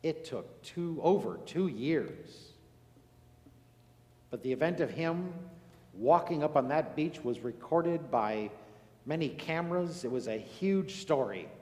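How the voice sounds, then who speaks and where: A male pastor preaching a sermon earnestly, moving between emphatic lines and hushed, solemn ones. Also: on the high side. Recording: echoey hall with long reverb.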